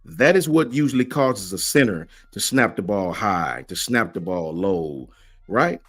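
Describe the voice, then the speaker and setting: A man's voice: lowish voice, lively intonation, unhurried, a bit bright, soft background music. A man hosts a livestream and answers the chat, emphatic and slangy, firing off rhetorical questions. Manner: slangy, keeps asking "right?". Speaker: host of a college football fan channel.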